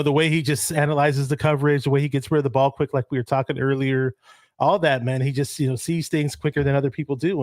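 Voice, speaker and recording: A man hosting a sports talk show, chatting in a relaxed way and reading out viewer comments. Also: a little high, dry recording, clean studio sound. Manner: relaxed, many ums and restarts. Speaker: podcast host.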